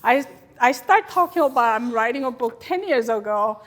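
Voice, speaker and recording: Korean-accented woman, high and lively. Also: normal speed. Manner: chatty, animated, non-native grammar. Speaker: guest lecturer. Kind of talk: lecture with slides.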